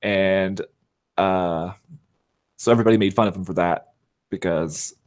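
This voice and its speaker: Man, lowish voice, casual podcast guest, rambling, self-deprecating, lots of uhs. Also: fairly even intonation, unhurried, darkish tone. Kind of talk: casual chat.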